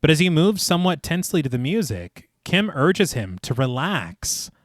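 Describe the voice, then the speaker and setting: On a horror podcast, a man whose voice sits on the high side recaps a film's plot in a lively way before slipping into jokes and relaxed chatter. His pace is moderate, and the studio-quality recording has no echo.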